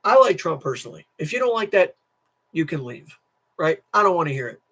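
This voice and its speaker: A man's voice: a little high, big pitch swings, fairly quick, a bit bright. A teenage boy streaming a casual political rant, tired, restless, repeating himself and restarting sentences. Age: teens.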